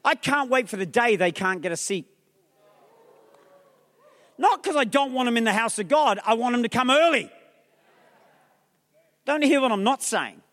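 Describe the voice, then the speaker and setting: A man with a strikingly high voice preaches a lively sermon as a pastor, firing questions and calls at the crowd and slipping in jokes. His voice rings out with the long reverb of a big theatre hall. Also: moderate pace, long pauses. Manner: humorous asides.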